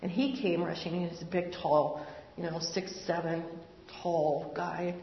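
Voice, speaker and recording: An older woman tells her personal faith story in an earnest, conversational way, pausing often. Her voice has a gravelly edge. The recording is dull and lo-fi, with the long reverb of a large hall. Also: lowish voice. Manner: conversational, earnest, with pauses and fillers. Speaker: speaker sharing testimony. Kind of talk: personal testimony. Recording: roomy hall, dull lo-fi sound.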